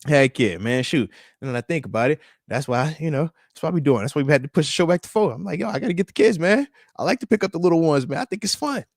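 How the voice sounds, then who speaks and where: Male live-stream host, thirties, slangy and hyped, fairly high voice, dry close sound. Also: expressive, fast talker, vocal fry, dry recording. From United States. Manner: loose and hype, slangy, calls out chat comments. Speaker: podcast host. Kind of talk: live-stream chat with viewers.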